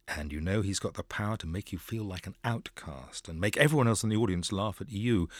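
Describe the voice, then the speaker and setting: A man's voice: fairly low pitch, no echo. Wry, dry-humoured male radio presenter. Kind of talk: scripted radio narration.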